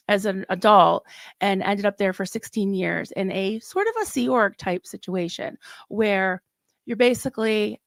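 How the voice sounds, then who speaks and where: A middle-aged woman hosting a casual livestream, chatting warmly and getting emotional, recorded close and dry. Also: medium pitch, dry recording. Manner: warm, emotional, chatty with laughs. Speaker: livestream host.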